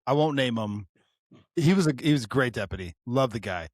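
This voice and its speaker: A man, a former deputy co-hosting a podcast, telling animated stories and laughing often. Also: mid-range voice, fairly quick, dry recording, clean studio sound. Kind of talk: casual storytelling chat.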